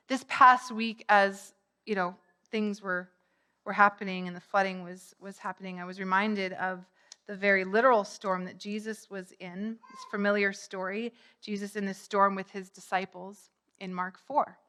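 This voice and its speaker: A woman's voice: medium pitch, steady tone, normal speed, pushed and bright, clear, resonant tone. A middle-aged woman preaching a sermon in a conversational way, lifting her voice for quoted cries. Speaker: pastor.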